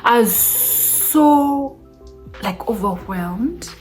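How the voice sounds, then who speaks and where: A woman vlogger telling a personal story in a casual, animated way, often breaking into laughter. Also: on the high side, drawn-out words, faint music behind. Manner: animated, laughs between remarks.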